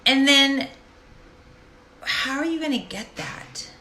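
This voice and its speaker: Bright-voiced woman coaching with faith. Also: sits high, slow pace. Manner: animated, direct and preachy. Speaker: life coach. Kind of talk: casual faith-based monologue. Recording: roomy echo.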